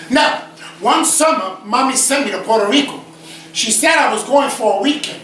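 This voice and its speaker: A man with a Bronx New York accent telling a comic stage monologue, animated and profane. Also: very high voice, moderate pace. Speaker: stage performer. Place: theater stage before an audience. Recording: echoey theater, distant mic, audience noise.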